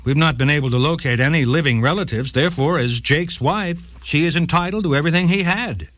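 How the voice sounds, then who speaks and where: A man playing a defense attorney making a formal, measured argument in court, on a radio segment. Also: a little high, a bit bright, no room sound, natural voice. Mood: assured.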